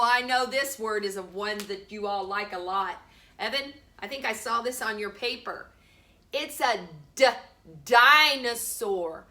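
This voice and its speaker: A woman teaching a preschool phonics lesson, speaking slowly in a bright, clear voice pitched a little high. She stretches out each letter sound and asks the children simple questions, in a sing-song way. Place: home room.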